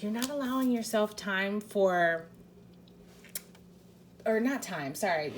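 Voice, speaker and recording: A woman's voice: medium pitch, a little hiss or hum. A woman giving a casual pick-a-card tarot reading, chatty and rambling, with lots of fillers, restarts and casual swearing.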